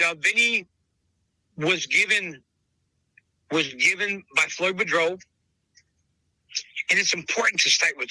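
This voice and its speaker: A man with a fairly high, sharply forceful voice, recounting his dogs in a podcast interview. He stumbles and repeats words as he goes and keeps calling the listener brother. The sound is close and dry. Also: dry recording, rough recording. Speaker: dog breeder interviewed on a podcast. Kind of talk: animated storytelling in conversation.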